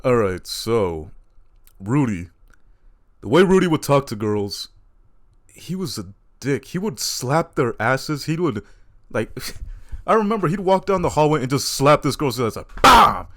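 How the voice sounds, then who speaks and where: A man's voice: mid-range voice, sing-song, unhurried. A man doing a stand-up comedy routine, telling crude, self-mocking stories.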